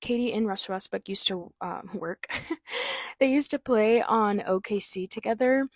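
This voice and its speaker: A woman's voice: medium pitch, moderate pace, no room sound. A woman hosting a casual video, explaining song lyrics in a loose, chatty way full of "like" and "um". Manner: reads out quoted lines between her own explanations. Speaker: host breaking down rap lyrics. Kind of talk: casual commentary.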